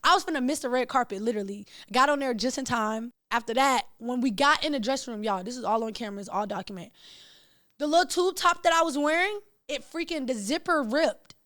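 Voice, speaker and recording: Excitable young woman telling stories. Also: high-pitched, a little fast, no room sound, studio quality. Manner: excitable, slangy, animated storytelling. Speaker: podcast host. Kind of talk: casual storytelling to camera.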